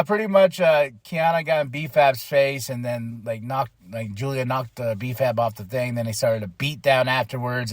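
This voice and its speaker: A man hosting a podcast, recapping a wrestling show in a casual, excitable way and laughing often. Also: medium pitch, no room sound. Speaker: podcast host.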